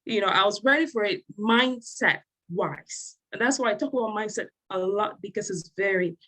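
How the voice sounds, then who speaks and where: A woman from Africa speaking as a panelist on a video call, emphatic and building to animated peaks. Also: mid-range voice, moderate pace, poor audio. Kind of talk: passionate panel discussion.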